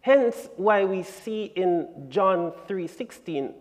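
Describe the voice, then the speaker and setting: A man teaching a Bible lesson in church, deliberate and emphatic, leaning hard on key words. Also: high-pitched, animated. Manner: deliberate and emphatic, building to strong stresses. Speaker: Sabbath School lesson presenter. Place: church sanctuary. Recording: long church-hall reverb.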